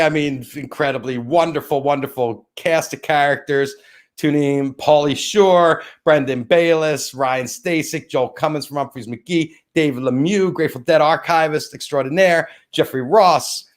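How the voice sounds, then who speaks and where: A man's voice: a little high, normal speed. A middle-aged man hosting a casual live stream, rambling as he thanks viewers by name and plugs sponsors. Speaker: host of a live-stream show.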